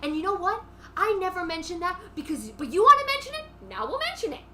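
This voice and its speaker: A woman's voice: sits high, sing-song, normal speed, bright, forceful tone, heavily acted. A woman playing a brash, defensive middle-aged socialite in a comic improvised reality-show reenactment, dramatic and indignant. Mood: outraged.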